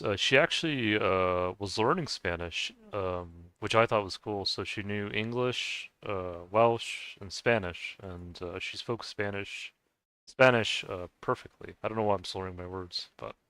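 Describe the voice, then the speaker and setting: A man's voice: lowish voice, normal speed, bright, forceful tone, clear, resonant tone, dry recording. A man chatting casually while he plays a game, hesitant, with many filler sounds and restarts. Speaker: gaming video host.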